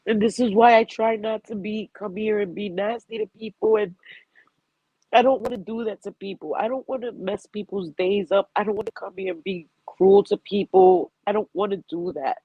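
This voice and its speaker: A woman with a husky, medium-pitched voice speaks at a moderate pace while hosting a live stream, rambling heartfelt about grief with a stuffy nose and frequent laughter. The sound is phone-quality with no echo.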